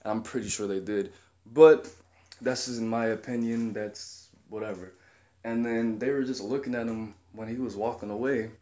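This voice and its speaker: A man's voice: lowish voice, fairly even intonation, moderate pace, warm tone. Blunt, profane young man ranting. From Chicago area. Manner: blunt, profane, rambling storytelling. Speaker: commentator. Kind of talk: casual rant to camera.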